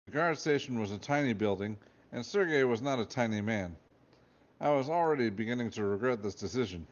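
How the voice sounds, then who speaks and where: A man reading a comic novel aloud in a deadpan narrating voice. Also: medium pitch, fairly quick, dull audio. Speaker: reader.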